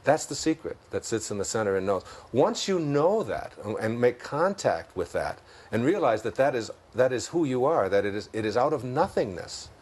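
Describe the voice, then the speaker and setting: A man's voice: mid-range voice, big pitch swings, normal speed, few pauses, a little mellow, husky. A man with a Detroit accent talking as an interview guest, reflective and storytelling, laughing often as he talks. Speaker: interview guest, self-help author. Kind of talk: conversational talk.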